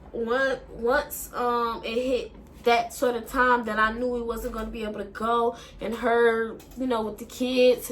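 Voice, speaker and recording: A young woman telling an emotional story in a halting way, full of fillers and swearing, and fighting back tears. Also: a little high, a little hiss or hum. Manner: halting, with many fillers and profanity. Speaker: vlogger.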